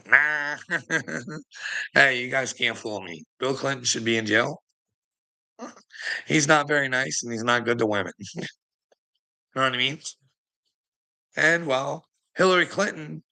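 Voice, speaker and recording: Gravelly, chuckling man ranting. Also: medium pitch, animated, unhurried, pauses often, sharp tone, low-quality recording. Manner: profane, chuckling, needles viewers by name. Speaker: streamer talking to chat. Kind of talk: rambling ranting monologue.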